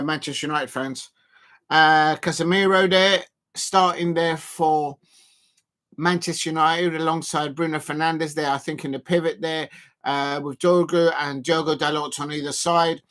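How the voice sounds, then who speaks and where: A man commentating live on a football match for his stream, rambling with many fillers and breaking into excited shouts at chances. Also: fairly high pitch, moderate pace. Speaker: football watch-along streamer.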